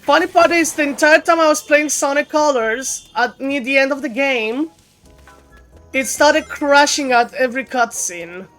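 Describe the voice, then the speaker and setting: A woman with a slightly high voice chats casually on her game stream. She talks freely, often trips over her words and starts her sentences over. Faint game music plays under her voice. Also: moderate pace, a bit bright. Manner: chatty, laughing, stumbling restarts. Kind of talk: casual gaming stream chat. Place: home streaming setup.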